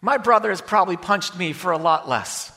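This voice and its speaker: Man preaching, high bright voice, loud-to-hushed swings, long hall reverb. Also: animated, fairly quick. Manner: dynamic, swings from loud emphasis to hushed near-whispers. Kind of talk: sermon.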